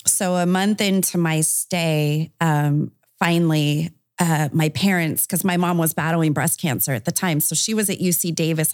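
A woman's voice: deep voice, no echo, clean studio sound. A woman guest on a podcast interview, recounting a personal story in a candid, conversational way, often using fillers.

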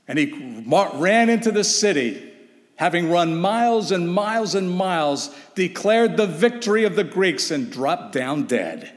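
A man preaching with urgent emphasis, throwing rhetorical questions at the congregation. His voice sits a little high for a man and rings out with a long hall reverb. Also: expressive, a little slow. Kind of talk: sermon.

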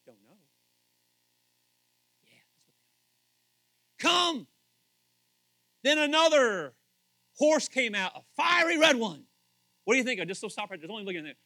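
A man preaching a casual, conversational sermon as pastor, animated and questioning his listeners. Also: very high voice, moderate pace, gravelly, long pauses, no echo, rough recording. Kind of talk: casual sermon, Bible teaching.

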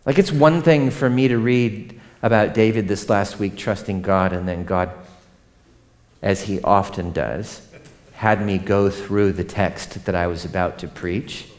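A man in his thirties preaching a sermon, conversational and animated, often turning to ask the congregation questions. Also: on the low side, measured pace. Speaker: pastor.

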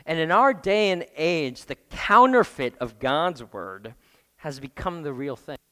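A man's voice: fairly high pitch, expressive, unhurried, fairly bright tone, big-room sound. A man preaching a sermon as pastor, emphatic, often putting questions to the congregation. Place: church.

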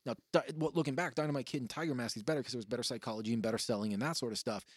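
A man hosting a podcast in casual chat, telling rambling, profane stories with bursts of excitement. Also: medium pitch, racing, husky, no room sound, studio quality. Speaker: podcast host.

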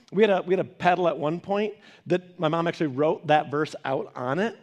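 A male pastor with a high voice delivers a sermon through lively family anecdotes. He laughs in between and acts out the people in his stories. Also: brisk, few pauses. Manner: animated storytelling, laughing asides.

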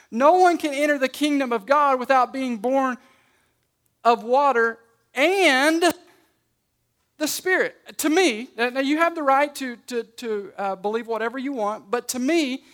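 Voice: sits high, fairly bright tone. A pastor preaching a sermon in a conversational way, often restarting and repeating words and leaning on key words.

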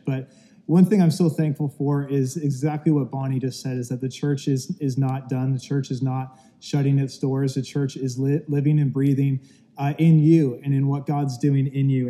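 A man's voice: medium pitch, warm tone. A male pastor gives a chatty, casual sermon to an online audience from an empty church auditorium. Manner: chatty, telling dad jokes with self-deprecating asides. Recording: long reverb of a large hall.

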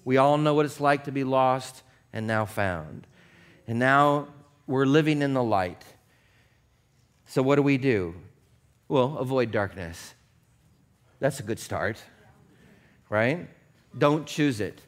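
A man's voice: medium pitch, slow, long pauses. A man preaching a sermon as pastor, telling stories and pressing his points with emphasis. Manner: animated storytelling preacher, acts out dialogue.

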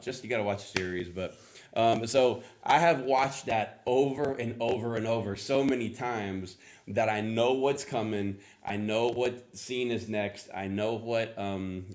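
Chatty middle-aged male pastor. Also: on the low side. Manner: chatty, rambling, coaxes the congregation. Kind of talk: casual sermon.

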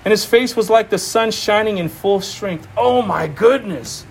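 Male pastor, sermon; high-pitched, excitable, stammers and laughs, faint room noise. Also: a little slow, gravelly.

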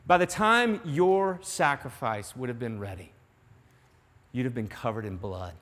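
A man preaching a sermon in earnest, dropping to a hush on some lines and rising to emphasis on others. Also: medium pitch, expressive, unhurried. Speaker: pastor. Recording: long hall reverb.

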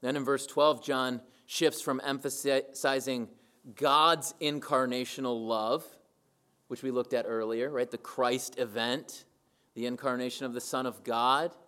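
A man's voice: medium pitch, steady tone, measured pace, bright, forceful tone. A man preaching a sermon to his church, emphatic and repeating key phrases for weight. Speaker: pastor.

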